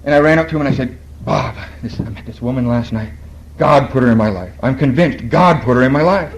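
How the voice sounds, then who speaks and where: A man's voice: medium pitch, fairly quick, slight background noise, low-quality recording. A man speaking at a recovery meeting, telling his story in a storytelling way, quoting other people and laughing at his own lines.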